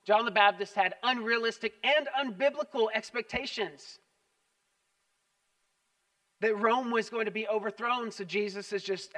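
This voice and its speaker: A pastor preaching a sermon, telling stories with animated, emphatic repetition. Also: male voice, sits high, measured pace, long pauses, recorded from a distance.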